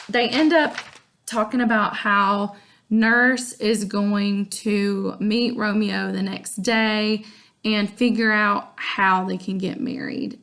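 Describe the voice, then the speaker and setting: A woman, a teacher casually summarizing a lesson in a chatty, slangy, animated way. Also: mid-range voice, vocal fry.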